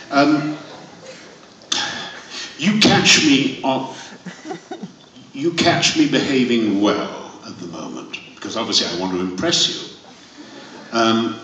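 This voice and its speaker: A man's voice: mid-range voice, sharp tone, lo-fi sound, a little hiss or hum. An older man from Wales answering fan questions at a convention panel, genial, rambling and self-deprecating. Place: large convention hall. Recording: echoey hall, distant mic.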